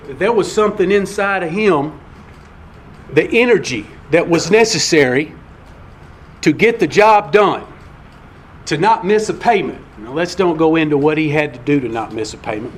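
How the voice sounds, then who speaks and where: A man's voice: fairly high pitch, slight background noise. A man giving a personal share at a recovery meeting in a folksy, conversational storytelling way.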